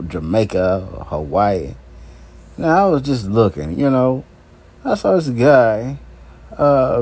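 A man's voice: medium pitch, darkish tone. A male talk show host rambling through an unscripted solo monologue, crude and profane, chuckling between his remarks.

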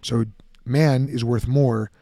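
A man giving a lively, conversational Bible teaching, often acting out the objections he answers. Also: medium pitch, slow, creaky, no room sound, clean studio sound. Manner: animated, conversational, acts out objections.

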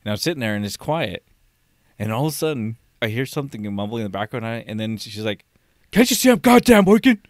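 A man's voice: on the low side, fast talker, no room sound, clean studio sound. A man chatting casually, telling a rambling story full of restarts and swearing, laughing as he goes. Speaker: office worker. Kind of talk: casual chat.

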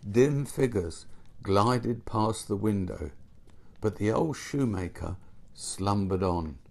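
A man narrating a storybook in a gentle, unhurried way. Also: lowish voice, animated, creaky.

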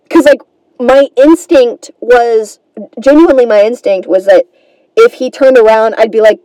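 A woman's voice: high-pitched, fairly quick, dark tone, no echo, poor audio. A woman hosting a comedy podcast, telling a rambling, self-deprecating story in a casual monologue and swearing freely.

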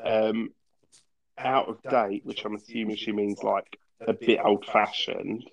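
Low-voiced male co-host, teasing and chatty, recording on a phone from home. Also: fairly even intonation, unhurried, creaky, highs cut off. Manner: chatty, teasing, laughs often. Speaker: podcast co-host. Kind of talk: casual chat recapping a TV show.

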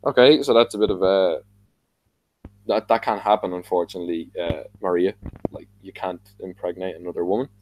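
A man's voice: sits low, steady tone, brisk, dull audio, a little hiss or hum. A man with an Irish accent casually recapping a wrestling show on a podcast, rambling with lots of fillers and restarts. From Ireland.

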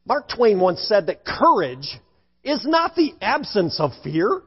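A male pastor preaching a sermon in an animated way, at times acting out frightened voices. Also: high voice, slow pace, slightly rough. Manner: animated, acts out scared voices for effect. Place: church sanctuary. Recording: dull sound with long hall reverb.

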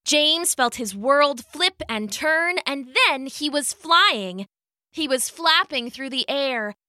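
A woman narrating a scripted spooky story in a measured, unhurried manner. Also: fairly high pitch, pushed and bright, no echo, studio quality.

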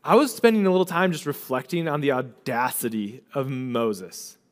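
A man's voice: mid-range voice, normal speed. A young adult male pastor preaching a sermon, retelling scripture in casual, chatty paraphrase and acting out the figures' words in his own voice.

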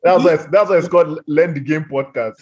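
Fast-talking man, husky. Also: a little high. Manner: animated, talks over others. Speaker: podcast host. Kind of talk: casual football chat.

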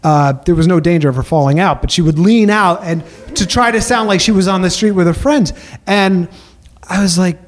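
A man telling a comic personal story on stage, rambling with halting restarts and self-mocking punchlines. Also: high voice.

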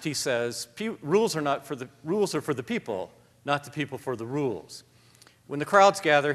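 A man talks onstage as a guest author, his voice ringing out with a long echo through a large hall. His pace is steady, and his delivery is reflective and self-deprecating. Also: mid-range voice. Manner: thoughtful, self-deprecating, reads passages aloud. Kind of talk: live onstage conversation.

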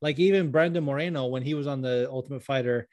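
A man's voice: mid-range voice, quick pace, a little mellow, no room sound. A man co-hosting a casual podcast chat, swearing freely and laughing often. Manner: profane, laughing, breaks into sung bits. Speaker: podcast co-host. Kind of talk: casual chat about fights.

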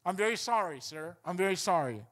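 A man voicing a confused store manager who apologizes softly. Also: sits high, animated, a little fast. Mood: apologetic. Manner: soft, apologetic.

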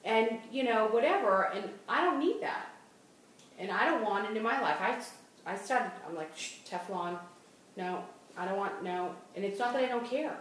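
On a casual podcast, a middle-aged Boston-area woman talks in a fairly high, expressive voice at normal speed, her accent unmistakably Boston. She's chatty, keeps restarting her sentences and laughs mid-talk. The recording has slight hiss or hum, echo, and a distant mic.

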